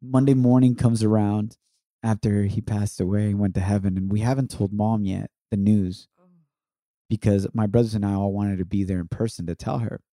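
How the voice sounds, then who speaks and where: A man in his thirties talks through a painful personal loss with a heartfelt, reflective manner, now and then slipping into Spanish phrases. His voice is mellow and warm in tone, recorded close and dry. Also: on the low side, fairly even intonation, moderate pace, no room sound. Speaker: podcast co-host. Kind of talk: emotional personal testimony.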